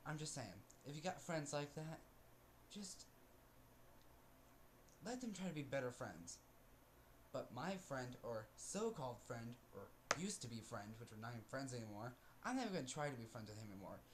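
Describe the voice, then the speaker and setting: A man venting on camera in a rambling, aggrieved rant, sighing often and restarting his sentences. His voice sits at an ordinary middle pitch. Faint background noise hangs under him. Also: sing-song, normal speed, long pauses. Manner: aggrieved, ranting, with frequent sighs. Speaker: vlogger. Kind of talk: casual storytelling rant.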